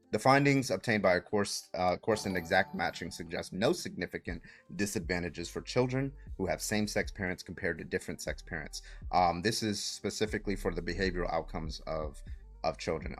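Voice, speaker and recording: A man's voice: low-pitched, fairly quick, faint music behind. A man hosting a livestream debate, citing studies, repeating his question insistently and mocking his opponent. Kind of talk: heated online debate.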